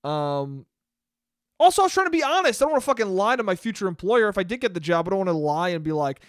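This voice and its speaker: A man's voice: sits high, very animated, fast, clean tone, no echo, studio quality. A young man hosting a solo podcast, telling a rambling, profane, self-deprecating story in a casual monologue. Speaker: podcast host.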